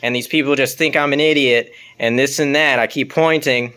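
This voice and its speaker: A man's voice: mid-range voice, steady tone, moderate pace, bright, forceful tone. A man casually talking through car work in his garage, loose and profane. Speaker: car vlogger. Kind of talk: casual garage vlog talk. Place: home garage.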